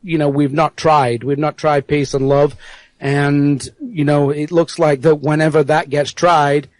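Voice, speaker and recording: English-born man, Yorkshire twang worn by American years, earnest guest who pauses often, dry close recording. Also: on the high side, level tone, dry recording, poor audio. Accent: Yorkshire mixed with American. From England. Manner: earnest, halting, many fillers. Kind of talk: casual interview.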